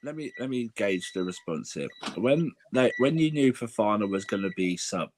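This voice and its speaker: A man's voice: fairly low pitch, sing-song, normal speed, a little mellow, slight background noise. A man who says he is ill, chatting casually as a panelist and often putting questions to the group. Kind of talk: casual chat.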